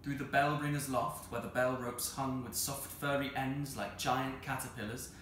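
A man reads a children's novel aloud in an expressive, measured way. His voice is bright. The very roomy hall carries a faint hiss. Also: mid-range voice. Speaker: storyteller. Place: arts centre hall.

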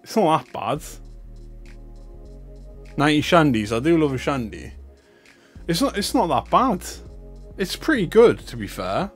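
A man's voice: a little high, big pitch swings, unhurried, long pauses, slightly rough, faint music behind. A young man with a North East English accent, chatting glumly and mocking himself as he opens cards for viewers on a livestream. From North East England. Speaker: card-opening streamer. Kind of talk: casual livestream chat.

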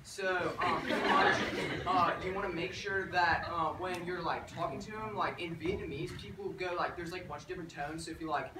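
A man's voice: high-pitched, fairly even intonation, a little fast, heavy background noise, close to an everyday voice. A young man playing a clueless bro who runs a community college language department, rambling with likes and ums in a live improv scene, recorded from far off on an echoey stage. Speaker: improv player.

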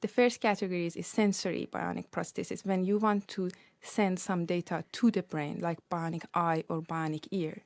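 A woman scientist explains her work on a radio interview. Her voice sits a little low and the sound is dry and close. She speaks in a measured, careful way. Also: steady tone, vocal fry, no room sound. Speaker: researcher guest.

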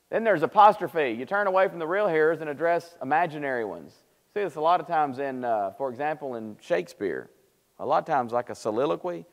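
A man's voice: mid-range voice, vocal fry. A man teaching a Bible class in conversational style, acting out quoted speech. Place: church auditorium. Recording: long hall reverb of church live stream.

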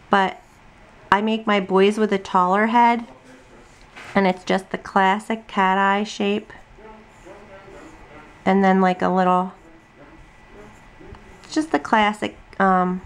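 A woman's voice: medium pitch, clear, resonant tone. A tired, chatty middle-aged woman rambling through a casual drawing tutorial at her home desk, full of ums and asides. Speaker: craft video host. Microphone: camera on tripod at desk.

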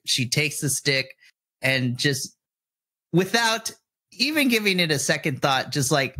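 A man narrating a tabletop game as game master, excitable and giggly, often restarting his sentences. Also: on the high side.

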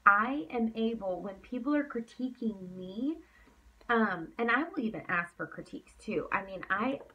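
A woman's voice: on the high side, animated, moderate pace, breathy edge, recorded from a distance, muffled recording. A woman giving a motivational coaching talk to her sales team. She is emphatic, repeats points for effect, and is tired from talking late at night. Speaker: team leader.

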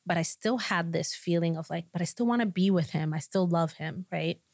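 Woman pastor, lower voice, animated storytelling, dry close sound, podcast testimony. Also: brisk, dry recording. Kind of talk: personal testimony in podcast conversation.

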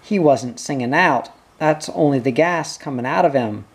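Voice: mid-range voice, normal speed, slightly rough. A reader voicing a brusque ambulance man. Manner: brusque and dismissive.

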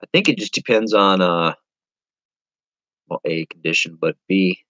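A man's voice: deep voice, a little slow, sharp tone, no echo, poor audio. A man chatting casually on a live stream as an online reseller, rambling to viewers and reading their comments aloud.

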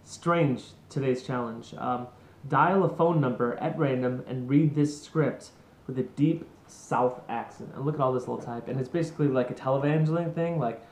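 A man's voice: mid-range voice, moderate pace, echoey room. A man hosting a casual vlog, chatty and rambling, poking fun at himself. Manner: chatty, rambling, self-mocking. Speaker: vlog host. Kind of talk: casual talk to camera.

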